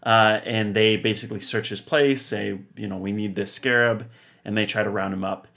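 A young man co-hosting a podcast, casually recapping a TV episode with lively, laughing storytelling. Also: lowish voice, moderate pace, creaky. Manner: animated storyteller, laughs often. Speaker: podcast co-host.

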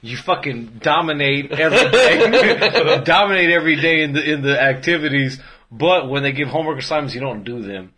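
A man's voice: fairly high pitch, animated, moderate pace, sharp tone, slightly rough. A man from Dallas, Texas telling laid-back stories in casual chat, laughing as he goes. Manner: laid-back, laughs through his stories, calls friends "fool".

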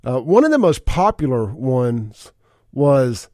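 A man's voice: mid-range voice, sing-song, slow, a little mellow, no room sound. A man hosting a casual talk radio show in a studio, chatting, chuckling often and reading listener texts aloud. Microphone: studio microphone.

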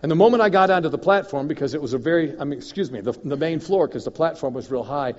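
Guy preaching, telling stories, laughing, doing little boom noises, muffled recording, big echoey church hall. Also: quick pace. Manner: animated storyteller, chuckles, mouth sound effects. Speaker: guest minister. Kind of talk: sermon with personal storytelling.

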